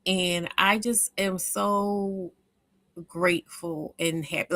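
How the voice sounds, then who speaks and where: A woman's voice: lowish voice, steady tone, slow pace, bright, forceful tone, no room sound, clean studio sound. A woman hosting an informal live chat with listeners, talking in a rambling, heartfelt way full of restarts. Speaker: host of a live audio chat room.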